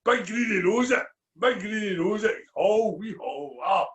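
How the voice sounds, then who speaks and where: A man's voice: sits high, expressive, measured pace, a bit bright. A Scottish man co-hosting a podcast in casual chat, emphatic and repeating his points. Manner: emphatic, repeats himself, says listen. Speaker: podcast co-host.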